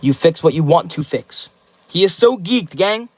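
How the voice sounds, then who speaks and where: High-voiced young man reading stream chat. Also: lively intonation, normal speed, a bit bright, dry recording, poor audio. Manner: reads viewer comments aloud and answers them loosely; slangy, rambling musings. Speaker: livestream host. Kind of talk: casual livestream chat reading.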